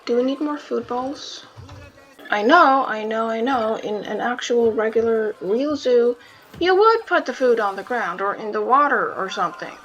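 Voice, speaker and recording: A woman's voice: fairly high pitch, lively intonation, moderate pace, fairly bright tone, slight background noise. A woman casually commenting as she plays a zoo-building game, wry and self-mocking, chatting to the animals on screen. The sound is dull and lo-fi. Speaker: gameplay video host. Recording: dull lo-fi sound with faint music.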